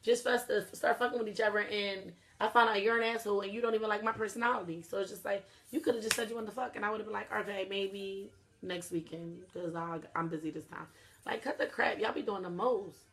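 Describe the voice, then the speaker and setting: A woman's voice: medium pitch, fairly even intonation, quick pace, creaky, hardly any pauses, a bit bright. A young adult woman hosting a casual talk stream, speaking bluntly and swearing freely as she addresses her viewers directly. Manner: blunt, profane, talks straight to viewers. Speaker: host.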